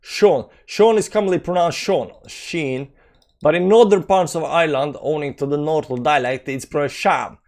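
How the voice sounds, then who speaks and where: A man's voice: fairly high pitch, a little fast, few pauses, a little mellow. A man with a Balkan accent hosting a live crypto stream, rambling with many fillers as he reads and answers viewer comments. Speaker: crypto channel host. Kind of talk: live-stream chat reading.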